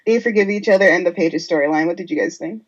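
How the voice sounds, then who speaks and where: A woman co-hosting a podcast recaps reality television with snark and salty asides. Her voice sits on the low side. The recording is dull and lo-fi. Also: fast. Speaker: podcast co-host. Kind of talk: casual chat.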